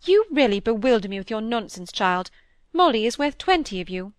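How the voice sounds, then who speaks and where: A woman reading the part of a fussy, vain middle-aged Victorian stepmother, fretful and a little higher in pitch. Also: sing-song, brisk, no echo. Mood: cross. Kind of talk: audiobook character reading.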